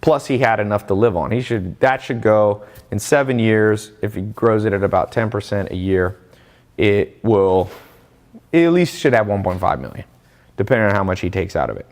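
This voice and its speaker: A man giving a casual, energetic motivational talk about earning money, with sudden rises in pitch on key points and quoted people acted out. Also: normal speed. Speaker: online business coach. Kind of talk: motivational monologue.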